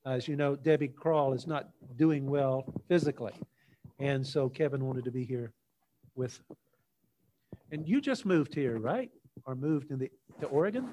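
A male pastor preaching a sermon in church, opening with a folksy, unhurried joke story before his teaching. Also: medium pitch, expressive, mellow, slight background noise.

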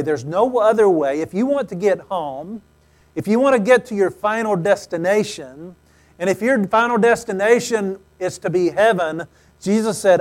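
A man with a fairly high speaking voice delivers a sermon from the pulpit. He keeps it conversational, dropping in light jokes between his points. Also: lively intonation, moderate pace. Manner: conversational, with joking asides. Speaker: pastor.

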